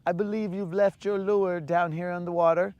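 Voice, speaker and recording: A man's voice: sits high, level tone, moderate pace, a little mellow, clean tone, no room sound, muffled recording, pitched above the performer's own voice, close to an everyday voice. A man voicing a courteous, formal male fish that politely returns a fisherman's lure. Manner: overly courteous, prim.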